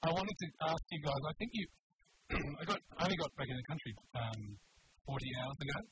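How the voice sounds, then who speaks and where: A man's voice: fairly high pitch, fairly quick, noisy background. A man chatting as a guest on a radio talk show, telling stories and acting out the people in them. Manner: animated, quotes people with acted voices. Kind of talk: radio chat, storytelling.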